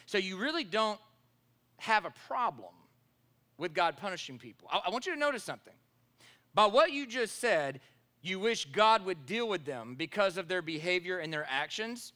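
A man's voice: high voice, big pitch swings, moderate pace, pushed and bright. A man, a pastor preaching a sermon and telling a personal story, acting out the dialogue with animation.

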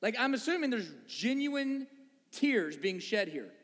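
A man's voice: extremely high pitch, sing-song, unhurried, fairly bright tone. A man preaching a sermon to a congregation, conversational and full of rhetorical questions. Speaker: pastor. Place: church sanctuary before a congregation. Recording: long reverb of a large hall.

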